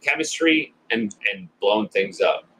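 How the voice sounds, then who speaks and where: A man's voice: lowish voice, expressive, a little slow, pushed and bright, a little hiss or hum, rough recording. A man co-hosting a casual podcast, joking crudely about a slasher movie and often acting out characters' lines. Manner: joking, laughs often, acts out quoted lines. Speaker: podcast co-host.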